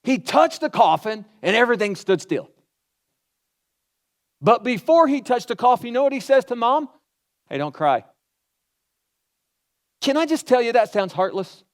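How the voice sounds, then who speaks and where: A man's voice: extremely high pitch, lively intonation, moderate pace, pauses often. A man preaching a sermon in a conversational way, asking the crowd questions and acting out quotes. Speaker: pastor.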